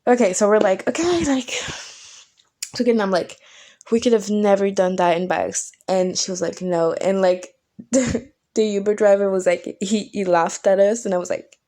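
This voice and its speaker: A woman's voice: medium pitch, normal speed. A young woman vlogger telling a night-out story casually, swearing often and acting out what everyone said. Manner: animated, swears a lot, acts out quotes.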